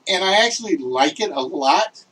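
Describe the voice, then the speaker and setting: Excitable high-voiced man hosting a game show. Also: moderate pace, recorded from a distance, poor audio. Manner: loud, excitable and chatty.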